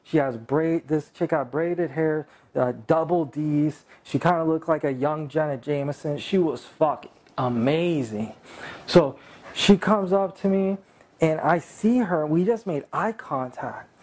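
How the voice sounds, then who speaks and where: A man from California telling a casual anecdote in a boastful, profane, animated way. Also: a little high, measured pace. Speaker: storyteller.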